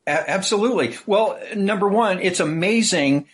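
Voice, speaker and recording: A man's voice: sits high, normal speed. A man in casual conversation, reflective, laughing easily and often agreeing. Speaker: podcast conversation partner.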